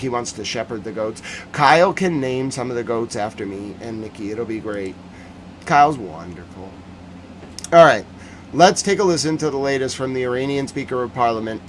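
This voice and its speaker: A man's voice: mid-range voice, slight background noise. Guy hosting a news recap stream, mid voice, jokey and rambling. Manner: animated, joking, rambling. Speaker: news commentary host. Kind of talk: casual livestream commentary.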